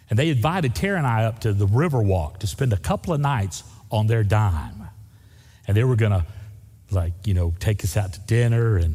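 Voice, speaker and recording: A man preaches with a folksy, storytelling manner, hammering his points home by repeating them. His voice is mellow and a little husky. The sound carries the long reverb of a church sanctuary. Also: lowish voice. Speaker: pastor. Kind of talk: sermon.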